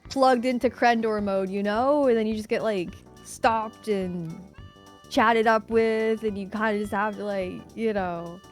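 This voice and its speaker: A woman co-streamer chatting casually, excitable, swearing and laughing a lot. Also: medium pitch, measured pace, faint music behind. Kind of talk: casual chat on a livestream.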